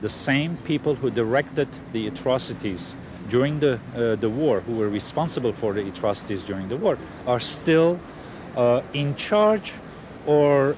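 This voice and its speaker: A man speaking hesitantly in an interview, pausing often with fillers. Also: medium pitch, noisy background.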